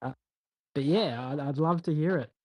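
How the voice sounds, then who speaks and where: A man taking part in an online audio chat, speaking in a measured, thoughtful way. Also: a little high, darkish tone, no echo, rough recording. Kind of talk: casual chat.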